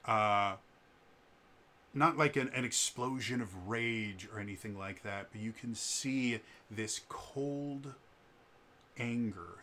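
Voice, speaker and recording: Bright-voiced man narrating a tabletop game. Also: mid-range voice. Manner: stumbling repeats on words. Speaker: game master.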